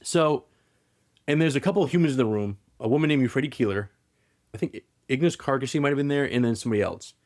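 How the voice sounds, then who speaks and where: A man hosting a podcast, retelling a story in casual chat, rambling and animated with lots of restarts. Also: mid-range voice, fast talker. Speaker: podcast host.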